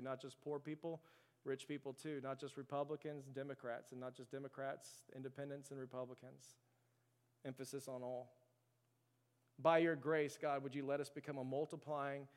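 A man's voice: a little high, smooth. A man preaching a sermon as pastor, building his points with rhetorical questions. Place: church sanctuary. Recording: long hall reverb.

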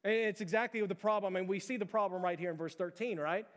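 High-voiced pastor in a reverberant hall. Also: male voice, fast talker. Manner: conversational and animated, rhetorical questions to the congregation. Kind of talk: sermon. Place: church sanctuary.

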